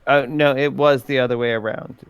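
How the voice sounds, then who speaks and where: A man speaking in character as a tabletop game player, halting and breaking into laughs. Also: medium pitch, fairly even intonation, smooth, dry recording, dull audio. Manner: halting, with frequent fillers and laughter. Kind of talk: in-character tabletop role-play.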